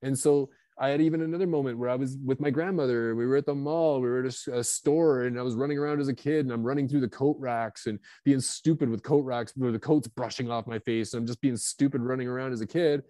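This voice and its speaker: A man in his fifties with a warm, mellow voice tells stories from his own life, animated and confessional, full of fillers and quick restarts. The sound is dry and close, with no room echo. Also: mid-range voice. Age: 50s. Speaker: guest author. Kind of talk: candid storytelling.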